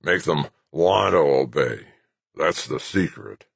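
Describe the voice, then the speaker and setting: A man voicing a cranky, failing old general who speaks slowly in a slurred, croaking voice. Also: very deep voice, lively intonation, dry recording, exaggerated voice. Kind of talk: audiobook character voice.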